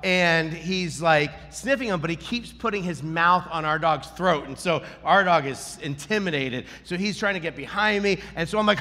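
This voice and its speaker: A man preaching a sermon, telling a story in an animated way and acting out the lines he quotes. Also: sits high, normal speed, few pauses, big-room sound. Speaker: pastor.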